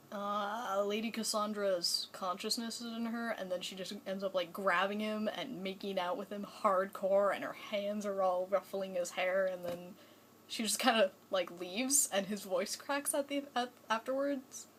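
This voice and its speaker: A woman's voice: mid-range voice, fairly even intonation, measured pace, fairly bright tone, a little hiss or hum, rough recording. Young woman gushing in a rambling vlog. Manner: chatty and rambling, many "like"s and restarts; gushing, enthusiastic. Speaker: vlogger. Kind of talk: casual fan vlog.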